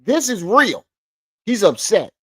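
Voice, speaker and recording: A man's voice: sits high, big pitch swings, takes it slowly, pushed and bright, slightly rough, poor audio. A man hosting a stream, giving profane, sarcastic reaction commentary. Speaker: streamer host.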